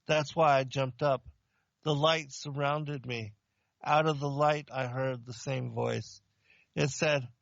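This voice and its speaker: A man's voice: mid-range voice, steady tone, slow pace, gravelly, no echo, lo-fi sound. A man from Romania, preaching and telling his testimony plainly and earnestly in short sentences. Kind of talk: testimony sermon.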